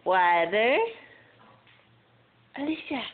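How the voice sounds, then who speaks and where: A woman's voice: mid-range voice, expressive, extremely slow. A woman filming a toddler, coaxing her in baby talk and repeating simple words. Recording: tinny lo-fi home video.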